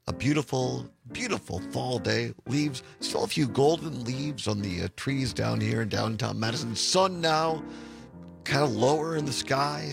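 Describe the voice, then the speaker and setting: A man hosting a casual afternoon radio talk show from a studio, speaking with a hoarse voice, chatty and quick to laugh. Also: mid-range voice. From Wisconsin. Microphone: studio microphone.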